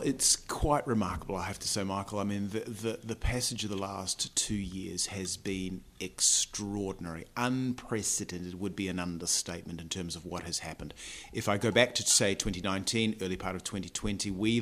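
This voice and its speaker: A man's voice: low-pitched, steady tone, a little fast, a bit bright. A middle-aged man with a New Zealand accent, answering interview questions in a friendly, thoughtful way. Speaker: airport chief executive. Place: hotel room.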